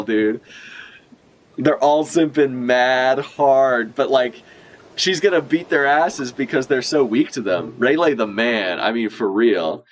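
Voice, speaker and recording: A young man giving excited, joking live reaction commentary, swearing freely and laughing a lot. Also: mid-range voice, slow pace. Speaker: manga reaction streamer.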